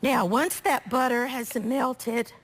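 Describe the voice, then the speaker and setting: Woman, raspy from allergies, somewhat high voice, chatty homey cooking host. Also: steady tone, slow pace, slight background noise. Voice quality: chatty, homey, talks to viewers directly. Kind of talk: live cooking demonstration.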